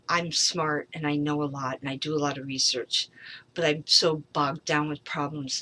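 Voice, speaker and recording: A woman's voice: low voice, sharp tone, a little hiss or hum. Rambling, frustrated middle-aged woman. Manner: frustrated, rambling, swears freely, trails off; halting, with many pauses and fillers. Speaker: vlogger. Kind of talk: rambling personal monologue.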